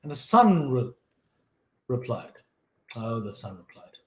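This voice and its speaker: A man reading scripture aloud and commenting on it in an earnest, animated way, talking straight to the listener. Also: mid-range voice, takes it slowly, echoey room. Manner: earnest, animated, talks to the listener directly, repeats himself.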